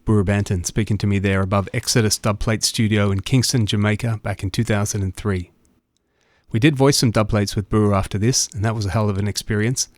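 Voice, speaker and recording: Australian man with a low, dry voice. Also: steady tone, fairly quick, dry recording. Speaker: radio show host. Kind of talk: scripted narration.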